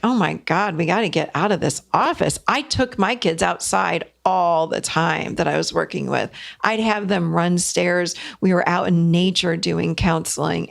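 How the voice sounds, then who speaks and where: A woman's voice: on the low side, creaky. A middle-aged woman hosting a podcast, giving casual advice and acting out short exchanges between parents and children. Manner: warm, emphatic, acts out parent and child voices. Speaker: podcast host and therapist.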